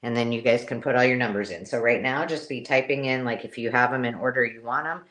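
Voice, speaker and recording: A woman hosting a live-stream craft sale, chatty and excitable, counting items aloud as she shows them. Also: very deep voice, fast. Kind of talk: casual live-stream selling chat.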